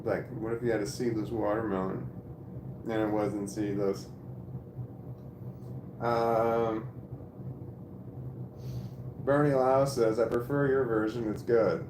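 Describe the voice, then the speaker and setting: A man's voice: fairly low pitch, takes it slowly, long pauses. A man hosting a casual livestream, reading chat messages aloud and telling stories with lots of laughter and swearing. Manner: animated storytelling, laughs often, swears. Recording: roomy sound with faint background noise.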